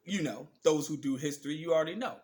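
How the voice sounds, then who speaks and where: A man hosting his own channel, delivering an emphatic, profane, preachy political monologue, slowing down hard to stress key words. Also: on the high side, a little mellow. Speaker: channel host. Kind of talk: ranting political commentary monologue.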